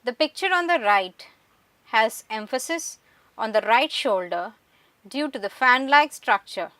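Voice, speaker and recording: A woman giving a measured, scripted lecture, explaining slides one by one. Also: on the high side, lively intonation, sharp tone, no echo. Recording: voice distant from the mic.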